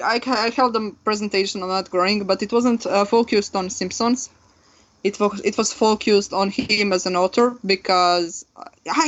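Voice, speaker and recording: A woman's voice: mid-range voice, fairly bright tone. A young woman from Croatia speaking English as a second language, chatting casually as a podcast co-host, rambling with lots of fillers and laughs. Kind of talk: casual chat. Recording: dull lo-fi sound.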